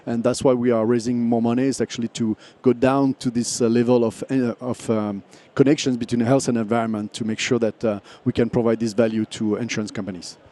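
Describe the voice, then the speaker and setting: A startup founder answering a panel question, pausing on many ums and uhs. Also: male voice, mid-range voice, flat delivery, warm tone.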